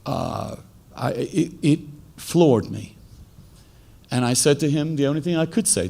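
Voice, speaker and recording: Gravelly English man telling a story. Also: a little high, a little slow, long pauses. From England. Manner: animated, acts out quotes with a lifted voice. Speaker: debater. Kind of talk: personal storytelling in a debate.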